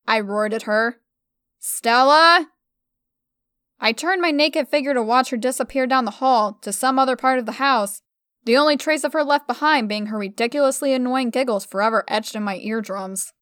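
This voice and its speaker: A woman tells a first-person story at a slow, deliberate pace. Her voice sits a little high and sounds smooth and polished, recorded close and dry. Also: fairly bright tone, no room sound.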